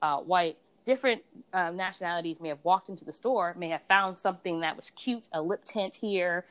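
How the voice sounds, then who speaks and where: A woman's voice: fairly low pitch, a little fast, a bit bright, smooth. A woman in a casual conversation about beauty brands, a reviewer and blogger who tells her stories with animation and acts out other people's voices.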